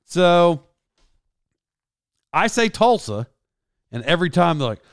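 Oklahoma guy, slight twang, chatty podcast storyteller, gravelly but clean tone, dry close mic. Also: high-pitched, very animated, measured pace, long pauses, no room sound. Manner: rambling, self-correcting, laughs often. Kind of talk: casual storytelling chat.

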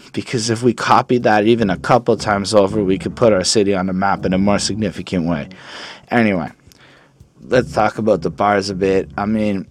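A low-pitched man from Montreal talks through an album review in a loose, casual way. He rambles, swears freely and leans hard on "like" fillers. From Montreal, Canada. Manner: rambling, profane, lots of "like" fillers.

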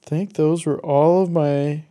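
A man with a mellow, warm voice talks easily on a podcast. He chats casually and with enthusiasm, with plenty of fillers. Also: on the high side, a little slow. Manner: relaxed, enthusiastic, fillers and restarts. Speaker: podcast co-host. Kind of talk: casual chat about movies.

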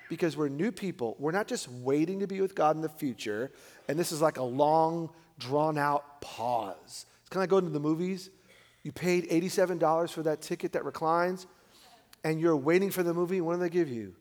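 Male pastor, animated sermon delivery, fairly high voice, long hall reverb. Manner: animated, swings between loud emphatic peaks and quiet asides.

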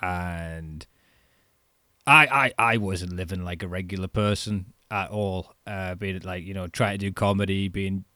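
Dude hyped about wrestling, lowish voice, dry sound, laughs a lot. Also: male voice, a little slow, dry recording. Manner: animated, swearing, laughs while talking. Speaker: wrestling fan co-host. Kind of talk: casual chat.

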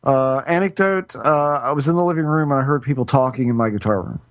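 A man's voice: mid-range voice, quick pace, dry recording. A middle-aged man, a podcast co-host, chatting casually and telling a story in a rambling way, often stopping to restart his sentences. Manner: rambling, self-interrupting storyteller with frequent restarts. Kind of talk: casual chat.

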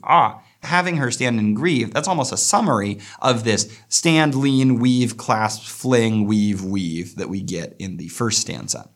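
A man teaching a poetry lesson, explaining verse and slowing down to read lines aloud thoughtfully. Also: lowish voice. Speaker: literature teacher.

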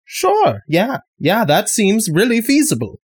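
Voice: mid-range voice, huge pitch swings, a little slow, slightly rough, voice pushed up, heavily acted. A game master voicing an exasperated, sarcastic male town sheriff who keeps repeating himself.

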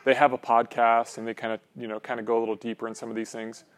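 A man's voice: medium pitch, little pitch movement, quick pace. A man preaching a conversational sermon as pastor, loose and rambling, often checking in with his listeners. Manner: casual, rambling, frequent "um" and "right?".

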